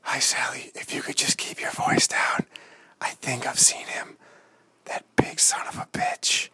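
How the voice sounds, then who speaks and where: A man's voice: medium pitch, fairly even intonation, moderate pace, a little hiss or hum, natural voice. A man playing an unhinged Bigfoot hunter hiding out in the woods, whispering and ranting with crude swearing. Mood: whispering paranoid. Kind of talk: comedy sketch call-in bit.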